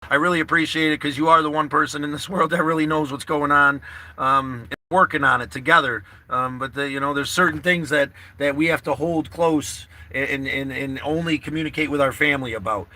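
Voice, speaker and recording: A man's voice: on the high side, bright, forceful tone, a little hiss or hum. A man chatting casually to livestream viewers from his parked car, rambling and earnest, repeating himself and swearing freely. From New York State.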